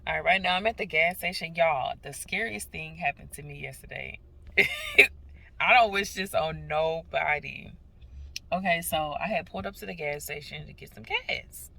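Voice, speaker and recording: A young woman talking straight to her viewers in a loose, casual vlog. She tells her stories with a lot of drama. Her voice has a gravelly fry and a bright, forceful tone. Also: sits low, normal speed. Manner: chatty, dramatic storytelling. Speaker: vlogger.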